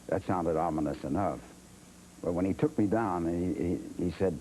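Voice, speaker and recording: A man's voice: low-pitched, normal speed, warm tone, slight background noise, low-quality recording. An older man, a guest in a TV interview, telling stories about himself in a wry, self-deprecating way and acting out what others said. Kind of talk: anecdotal storytelling in a TV interview.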